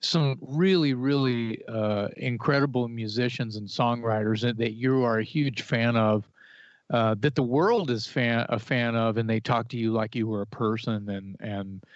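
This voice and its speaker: A man of average pitch chatting eagerly as a podcast co-host, full of excited back-and-forth. The audio is dull and dry, like a lo-fi recording. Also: moderate pace, no echo. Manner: eager, with many fillers and restarts. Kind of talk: casual chat.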